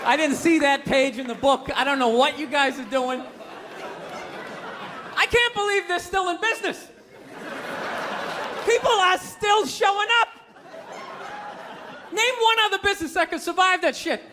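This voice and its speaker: A man doing a stand-up routine on a comedy club stage, ranting loudly and exasperatedly with plenty of profanity. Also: very high-pitched, measured pace, pauses often. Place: comedy club stage before a live audience. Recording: live stage recording with crowd laughter and noise.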